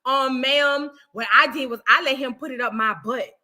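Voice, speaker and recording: A woman's voice: high voice, moderate pace, pushed and bright. Woman doing a blunt teenage schoolgirl. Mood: matter-of-fact. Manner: frank, streetwise, matter-of-fact. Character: brash teenage girl student, blunt and confiding.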